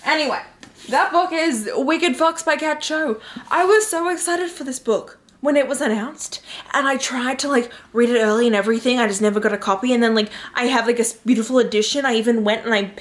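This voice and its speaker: Chatty excitable woman, higher voice. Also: fairly quick. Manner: chatty and excitable, with lots of fillers. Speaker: book vlogger. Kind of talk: casual chat to camera. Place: home in New York.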